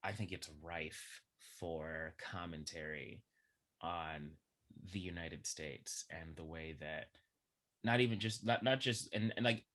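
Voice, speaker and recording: A young man talking as a podcast guest in a casual, animated chat full of filler words. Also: sits low, slow. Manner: animated, chatty, heavy use of filler words.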